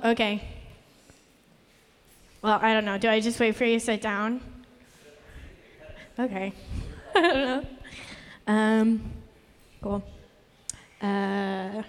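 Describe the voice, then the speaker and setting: Recorded in a live room with long reverb, this young woman performs stand-up at a comedy venue, sounding nervous, rambling and self-mocking, as if always about to cry. Her voice is mid-range with a clean tone.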